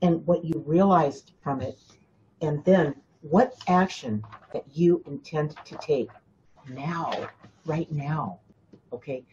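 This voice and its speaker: A woman's voice: low-pitched, slow, dark tone, muffled recording, slight background noise. A woman hosting a spiritual coaching talk, speaking emphatically to her listeners, often repeating herself and addressing them directly. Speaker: spiritual teacher and host.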